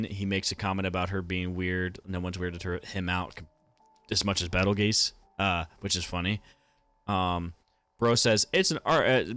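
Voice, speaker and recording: A man's voice: low-pitched, fairly bright tone, clean tone, no room sound. A young man giving casual anime commentary, rambling with lots of fillers and casual swearing.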